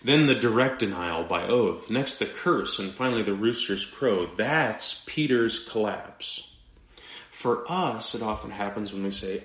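Man giving a sermon, slow and dramatic, goes quiet for effect, echoey room, muffled lo-fi sound. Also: fairly low pitch, animated. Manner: slow, dramatic delivery with pauses and sudden drops to quiet. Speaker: pastor.

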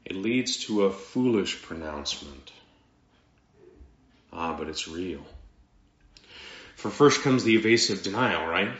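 A man preaching a sermon as pastor, in a slow, dramatic delivery with pauses and sudden drops to quiet. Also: low-pitched, animated. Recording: echoey room, dull lo-fi sound.

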